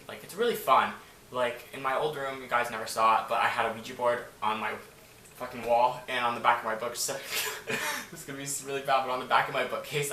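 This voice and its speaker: Bright-voiced man telling a story, echoey room. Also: mid-range voice. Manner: rambling, profane, full of "like". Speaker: vlogger. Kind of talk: story time vlog. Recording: echoey room, mic set far off.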